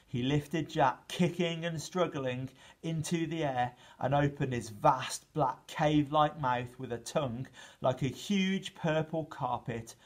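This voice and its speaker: A male teacher with an English accent reading a children's story aloud, with gentle asides to his listeners. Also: a little high, measured pace. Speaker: primary school teacher.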